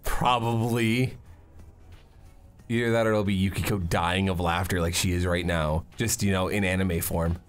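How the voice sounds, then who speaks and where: A man's voice: low voice, moderate pace, soft background music. A young man joking casually while commenting on a game he is playing. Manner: joking, animated. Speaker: let's play commentator. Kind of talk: casual gaming chat.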